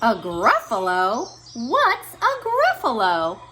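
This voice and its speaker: A woman voicing a sly, hungry male fox in a read-aloud storybook, coaxing and smooth in manner. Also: fairly high pitch, huge pitch swings, slow pace, pushed and bright, a little hiss or hum, heavily acted.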